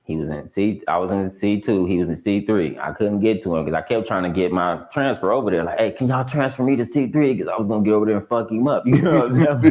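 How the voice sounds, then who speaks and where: A man's voice: on the low side, fast talker, few pauses, a little mellow, low-quality recording. A man telling a story in casual slang, acting out other people's lines. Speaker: guest telling a prison story.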